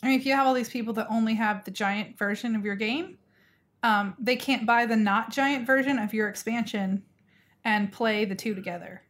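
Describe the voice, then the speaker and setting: A woman's voice: fairly high pitch, normal speed, fairly bright tone. A woman co-hosting a casual chat, enthusiastic and teasing. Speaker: co-host.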